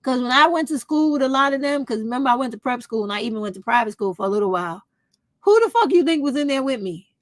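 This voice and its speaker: A woman's voice: high-pitched, animated, fast talker, no room sound. A woman, talking straight to her viewers in a casual opinion vlog, blunt and profane. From United States. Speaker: vlog host.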